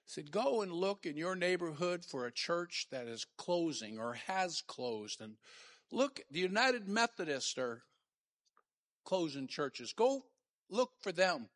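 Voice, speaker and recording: Pastor guy preaching, really high bright voice, slow and lively, yells it out then goes quiet. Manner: preaching, swings from low talk to shouted call-and-response. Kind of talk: sermon. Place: church.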